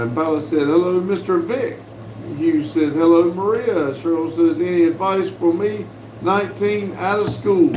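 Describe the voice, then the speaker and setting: A man from the United States hosting a casual livestream, reading viewers' messages aloud in a folksy, unhurried way with lots of "uh"s. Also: sits high, a little mellow, a little hiss or hum. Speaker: livestream host reading chat. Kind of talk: casual live chat. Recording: roomy with faint background ambience.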